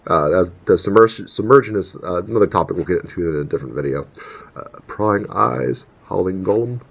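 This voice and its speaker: Very low-voiced man for a casual unboxing; reads names and rules aloud, slightly muffled. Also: a little fast, creaky, slightly rough. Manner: reads card names and rules text aloud, chatty asides. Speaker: channel host opening card packs. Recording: dull lo-fi recording with faint rumble.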